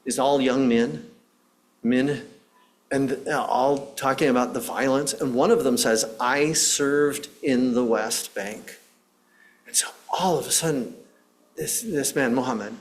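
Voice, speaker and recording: A male minister delivers a sermon as a story, with a voice of middling pitch. He talks earnestly, stopping and restarting as he searches for words. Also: darkish tone. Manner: earnest, with frequent restarts and pauses.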